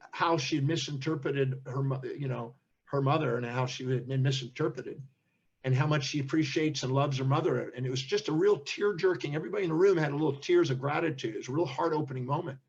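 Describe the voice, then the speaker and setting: An older man with a husky, somewhat high voice tells a story, acting out the voices of the people in it. The sound is muffled and lo-fi, like audio from a remote call. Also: brisk. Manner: animated storyteller, acts out quoted speech. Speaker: interview guest, seminar teacher. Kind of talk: storytelling in an interview.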